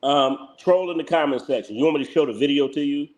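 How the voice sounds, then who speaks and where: A man's voice: on the high side, fast. Man, Philadelphia accent, live stream host, blunt heated rant, repeats himself. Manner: blunt, heated, repetitive, laughs mockingly.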